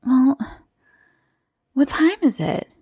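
Woman voicing a bossy kid girl, high and bouncy, a bit gravelly. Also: slow pace, dry recording, studio quality, full character voice. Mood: alarmed. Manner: teasing, excitable. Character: spirited bossy adventurous young girl.

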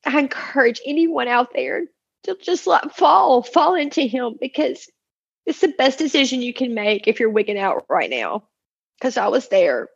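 A woman in her forties gives a heartfelt personal testimony about her family, her words spilling out earnestly as she acts out the people she quotes. Her voice is husky, with a gravelly edge. The recording is somewhat dull and lo-fi. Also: high voice, big pitch swings, normal speed. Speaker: mother sharing a personal testimony.

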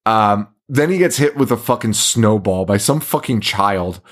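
A man co-hosting a podcast, recapping a movie in casual chat, swearing a lot, laughing and acting out scenes in quick put-on voices. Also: on the low side, lively intonation. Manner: profane, laughing, acts out scenes in quoted voices. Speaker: podcast co-host.

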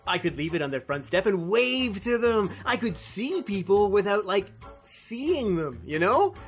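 In a comedic radio drama, a young woman plays an eager, flustered novice baker who trips over her words. Her medium-pitched voice is sing-song and unhurried, with faint music in the background.

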